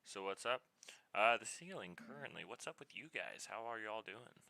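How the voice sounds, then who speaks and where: A man's voice: fairly low pitch, animated, normal speed, gravelly, bright, forceful tone, low-quality recording. A man chatting casually on a live game stream, greeting viewers by name in an easygoing way.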